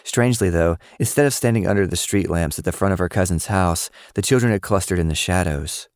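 A man narrating a story in a steady, even storytelling manner. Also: low voice, fairly quick, dry recording, studio quality. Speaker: audiobook narrator. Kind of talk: scripted narration.

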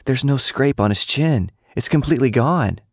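A man's voice: mid-range voice, lively intonation, moderate pace, dry recording, studio quality, voice pushed up. A man voicing an earnest, insistent young schoolgirl in an audiobook. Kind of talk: audiobook character voice.

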